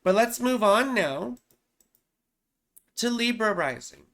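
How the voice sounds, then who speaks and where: A woman's voice: a little high, expressive, takes it slowly. Chatty woman astrologer. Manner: chatty, loose, peppered with "you know" and "right?". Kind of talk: casual horoscope explainer.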